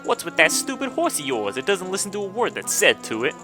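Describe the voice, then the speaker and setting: A man's voice: sits high, wildly swooping pitch, a little fast, over music, voice pushed up. Man doing a sneering masked imp. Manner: sneering, mocking taunts. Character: mischievous masked imp, taunting and smug.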